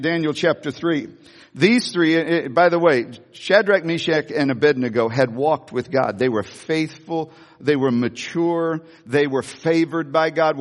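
Older man preaching, folksy, in a big echoing hall. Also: on the high side. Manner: folksy storytelling with repeated restarts. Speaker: pastor. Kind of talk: sermon. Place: church sanctuary.

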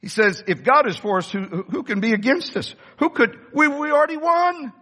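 A man preaching a sermon with impassioned delivery, rising to shouts at the high points. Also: normal speed. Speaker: pastor. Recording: long reverb of a large hall.

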